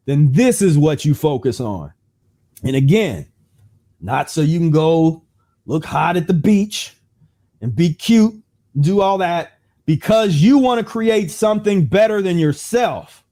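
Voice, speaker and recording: A man's voice: a little high, warm tone. A man hosting a livestream health talk, speaking casually and conversationally, then turning preachy with a string of rhetorical questions. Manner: casual and conversational with frequent restarts. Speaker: host.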